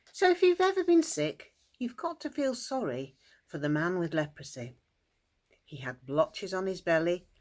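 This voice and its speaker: A woman telling a Bible story to primary school children in an expressive storytelling voice. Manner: expressive, shifts into squeaky character voices and shouts.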